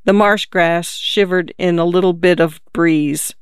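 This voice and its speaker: Measured storybook narrator with a smooth, clear voice and dry close sound. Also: medium pitch, steady tone, no room sound. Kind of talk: audiobook narration.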